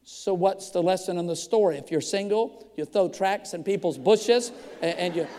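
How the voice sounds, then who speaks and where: A man preaching as a pastor, telling a story with lively acted-out dialogue. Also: sits high, moderate pace. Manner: animated storyteller acting out dialogue. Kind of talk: storytelling sermon. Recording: long hall reverb.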